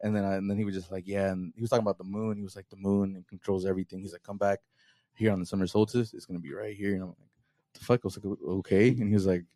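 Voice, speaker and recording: Fast-talking man with a lowish voice. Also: level tone, warm tone, no room sound, clean studio sound. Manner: rambling, profane, laughs while retelling. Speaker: podcast host. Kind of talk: casual chat, storytelling.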